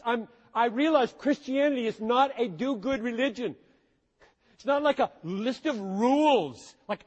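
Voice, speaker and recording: A man preaching a sermon with earnest intensity, swinging between hushed, low passages and sudden emphatic bursts. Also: animated, measured pace, slightly rough, lo-fi sound. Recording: long hall reverb.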